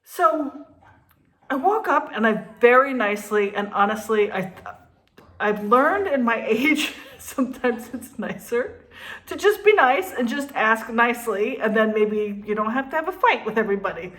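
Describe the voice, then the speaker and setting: Animated New woman in her fifties. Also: a little high, normal speed. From New Jersey. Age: 50s. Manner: animated, laughing, swears. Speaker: vlogger. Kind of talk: casual storytelling.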